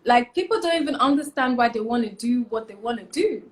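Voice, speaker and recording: A woman's voice: on the high side, brisk. A young woman, a fashion stylist giving emphatic advice as a guest in a casual interview. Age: young adult. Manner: emphatic, repeats key points, animated.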